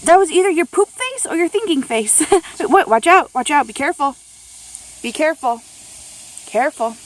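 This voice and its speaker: A woman's voice: high voice, big pitch swings, normal speed. A young woman vlogging at home outdoors, chatty and rambling with lots of fillers, laughing often and cooing at her children while holding the camera herself. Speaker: vlogger and mother. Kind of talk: casual home vlog. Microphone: handheld camera, filming one-handed.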